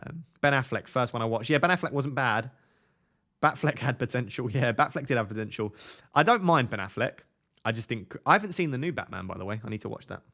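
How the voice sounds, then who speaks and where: A man's voice: mid-range voice, expressive, brisk, sharp tone. A man in his twenties on a casual live stream, reading viewers' comments aloud and answering them. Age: 20s.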